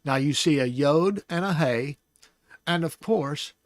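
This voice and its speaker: A man hosting a Bible study, teaching casually and thinking aloud, with restarts and soft laughs. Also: fairly high pitch, unhurried, no echo, studio quality.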